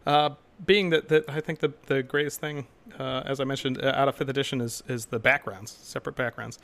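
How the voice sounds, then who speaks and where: A man's voice: mid-range voice, fairly even intonation, fairly quick, gravelly, fairly bright tone. A man on a casual podcast panel, talking in an opinionated, digressive and eager way.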